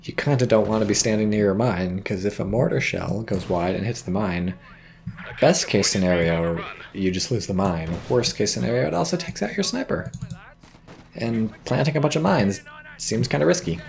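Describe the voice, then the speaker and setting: Gravelly low-voiced man casting a game. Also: moderate pace, a little mellow. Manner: dry, rambling, reads chat aloud. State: hiccuping. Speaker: game caster. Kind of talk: casual game commentary.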